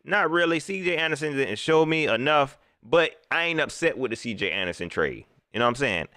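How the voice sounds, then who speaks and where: An animated man hosts a live stream and rants with emphasis, repeating phrases for effect. His voice is bright and lively, and it jumps around in pitch. The sound is dry and close. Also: a little fast, no echo. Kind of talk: casual live stream rant.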